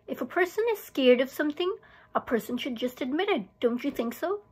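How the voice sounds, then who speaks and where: A woman voicing a quiet, earnest young girl in a storybook reading, gentle and sincere. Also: high-pitched, lively intonation, a little fast.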